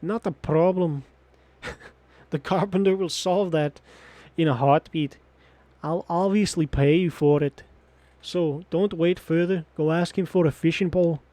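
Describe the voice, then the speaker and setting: A man's voice: on the high side, steady tone, measured pace, warm tone, dry recording, lightly acted. A man putting on a scheming Scottish-voiced village chief. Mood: pleased. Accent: put-on Scottish. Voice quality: theatrical, drifting accent.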